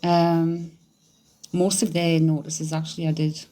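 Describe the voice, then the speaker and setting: Chatty woman, mellow voice. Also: low-pitched, a little slow. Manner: chatty, excitable, laughs often, swears casually. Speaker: psychic medium livestreamer. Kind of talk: casual livestream chat reading comments.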